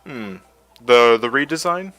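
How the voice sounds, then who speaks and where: A man's voice: medium pitch, lively intonation, a little slow, fairly bright tone, soft background music. A man co-hosting a casual gaming livestream, laughing often and swearing casually while he plays. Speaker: livestream co-host playing the game.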